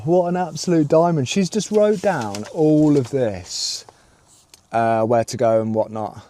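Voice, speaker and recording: A man chatting to the camera on a road-trip travel vlog, excitable and rambling, outdoors by his van. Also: medium pitch, moderate pace, slight background noise. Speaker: vlogger.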